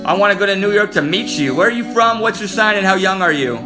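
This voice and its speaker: A man's voice: high voice, lively intonation, fast. A man hosting a casual live stream, flirting with and teasing viewers as he reads their comments, with guitar music behind him. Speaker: livestream host. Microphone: phone.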